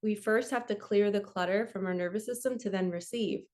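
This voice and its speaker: A woman who works as a spiritual coach, reading from a book and talking it through in a gentle, earnest way. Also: medium pitch, fairly quick. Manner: gentle, earnest, laughs easily. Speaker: spiritual coach and card reader. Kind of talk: casual reading aloud from a book with commentary. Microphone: camera.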